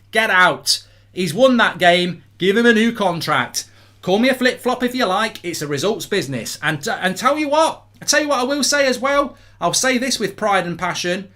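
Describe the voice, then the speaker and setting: Exuberant, bright-voiced English football host. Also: male voice, high voice. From England. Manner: exuberant, chanting and singing between rants. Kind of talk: excited live match reaction.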